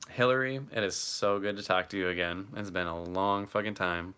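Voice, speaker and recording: Man, deep voice, bright forceful edge, chatty streamer, laughs a lot, swears freely. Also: fairly even intonation, fast, hardly any pauses, clean tone. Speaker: streamer answering chat. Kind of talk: casual live-stream chat.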